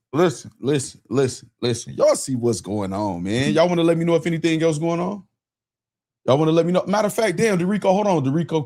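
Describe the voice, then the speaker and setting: A man hosting a casual livestream, excitable and profane, shouting out chat and repeating himself. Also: on the high side. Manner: profane, laughing. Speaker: livestream host.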